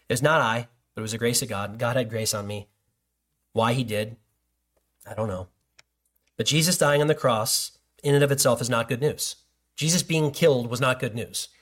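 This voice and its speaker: A man, a pastor, preaching a sermon in a loose conversational way, with joking asides and stories. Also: medium pitch.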